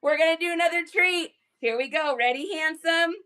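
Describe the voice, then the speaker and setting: A woman hosting a casual live stream, bubbly and excitable, talking into a phone. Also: brisk. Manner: bubbly, excitable, high-energy. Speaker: live-stream reseller host.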